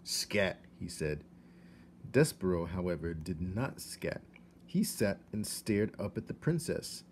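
Male teacher reading aloud, low, expressive, slight hiss behind. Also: measured pace. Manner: expressive, shifts to hushed tones. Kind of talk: read-aloud storytelling.

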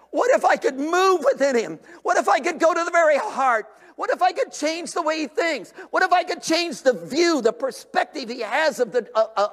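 High-voiced older preacher in a reverberant church. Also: male voice. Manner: animated, swings from shouts to near whispers. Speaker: revival preacher. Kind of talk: sermon. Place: church sanctuary.

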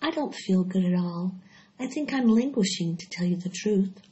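A woman's voice: mid-range voice, lively intonation, moderate pace, natural voice. A woman doing a weak, weary mother spider. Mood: sad. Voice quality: weak, quiet voice. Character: female spider, weary, gentle and wise. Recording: dull lo-fi recording.

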